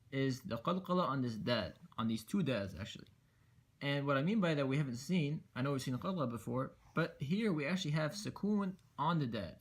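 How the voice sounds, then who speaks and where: A man with a medium-pitched, slightly rough voice teaches a step-by-step tajweed lesson on Quran recitation rules. He explains patiently and repeats letters for emphasis.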